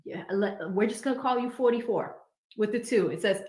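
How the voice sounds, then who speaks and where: A woman's voice: mid-range voice, a little mellow. Chatty woman livestreamer in an echoey room. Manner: chatty, upbeat, quick asides. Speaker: livestream host. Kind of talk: casual livestream chat reading super chats.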